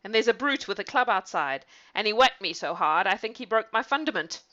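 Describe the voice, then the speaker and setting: A woman's voice: medium pitch, expressive, fairly quick, bright, forceful tone, muffled recording. A woman voicing a terrified male robber who babbles about what attacked him. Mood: panicked.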